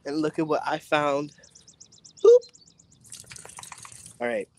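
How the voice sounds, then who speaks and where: A man hosting a casual live-stream psychic reading outdoors in the sun, excitable and chatty, swearing casually and talking straight to his viewers. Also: fairly high pitch, fairly quick.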